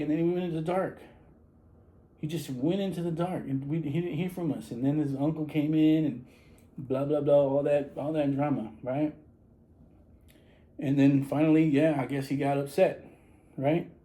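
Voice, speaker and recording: Heard in a low-quality recording, a barber from San Antonio, Texas speaks casually to camera with a mellow voice on the high side. His talk rambles, with repetition and frequent restarted sentences.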